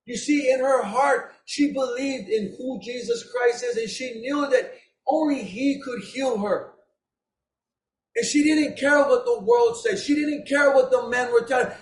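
A man preaching an impassioned, emotional sermon, raising his voice to a shout at its peaks. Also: extremely high pitch, lively intonation, measured pace, slight background noise. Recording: roomy echo.

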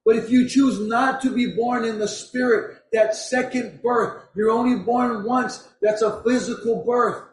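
A man preaching a sermon, telling a story in a slow, deliberate way, recorded from a distance in a room. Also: extremely high pitch, fairly even intonation. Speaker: pastor. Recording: echoey room from far off.

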